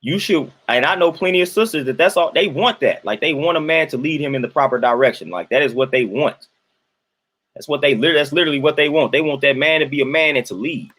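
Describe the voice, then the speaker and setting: A man's voice: fairly high pitch, quick pace, fairly bright tone. A young adult man, casually talking to his livestream chat, colloquial and repeating himself for emphasis. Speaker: livestream host reading chat.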